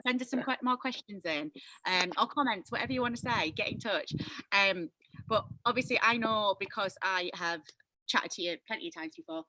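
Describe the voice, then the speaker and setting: A woman's voice: mid-range voice, normal speed, bright, forceful tone, dry recording, rough recording. A young woman hosting a casual live stream over a video call, bubbly, giggly and self-deprecating.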